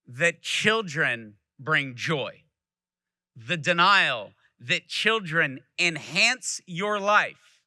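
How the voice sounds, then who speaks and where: This thirtysomething Texas keynote speaker voices the quotes in his family stories as he addresses a live crowd. He sounds on the high side, bright and forceful, clear and resonant, recorded dry.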